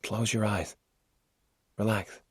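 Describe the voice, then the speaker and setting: A lisping killer, pale and sickly, who coaxes his victim in an eerily gentle, soothing voice, as a male narrator puts him on. The voice sits well above the reader's deep natural register, in a dry, close audiobook recording. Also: animated, unhurried, no room sound, natural voice. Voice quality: lisp. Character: sick, soft-spoken male killer with a lisp.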